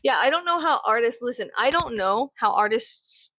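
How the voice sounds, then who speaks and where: A woman in her thirties venting in a casual vlog, blunt, profane and sarcastic, swinging into sudden high laughs. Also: lively intonation, normal speed, sharp tone, no room sound. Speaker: vlogger.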